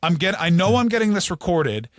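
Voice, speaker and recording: Fast, profane storytelling comedian man. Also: sits high, sing-song, dry recording, clean studio sound. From Canada. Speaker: comedian guest. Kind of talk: storytelling interview.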